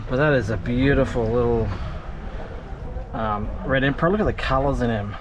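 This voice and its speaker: A man's voice: mid-range voice, moderate pace, background noise. A man vlogging from his small fishing boat outdoors, chatty and self-mocking, rambling with fillers. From Australia. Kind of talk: casual vlog narration.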